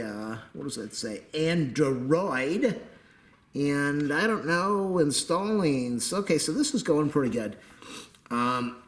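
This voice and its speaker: A man of middle pitch talks loosely and chattily while filming a phone at home, wandering from one thought to the next with little jokes along the way. The room around him is echoey and bare-sounding. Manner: chatty and meandering, jokey asides. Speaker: tech video creator. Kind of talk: rambling off-camera vlog commentary. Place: at home at a computer table.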